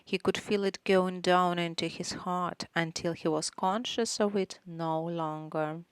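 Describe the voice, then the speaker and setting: A woman reading a novel aloud in a measured, even way. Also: fairly low pitch, clean tone, no room sound. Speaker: audiobook reader. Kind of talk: audiobook narration.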